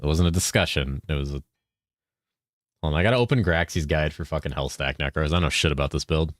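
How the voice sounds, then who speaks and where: A man's voice: extremely low pitch, fast, dry recording, clean studio sound. A man streaming a video game, chatting casually, explaining items and thanking viewers, with loose joking talk and some swearing. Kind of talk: casual gameplay chat.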